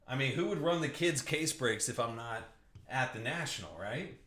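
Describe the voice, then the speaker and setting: A man's voice: medium pitch, lively intonation, normal speed, a bit bright. Young guy doing a live card break stream, joking with chat, bouncy voice, echoey room. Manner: joking, riffing with viewers by name.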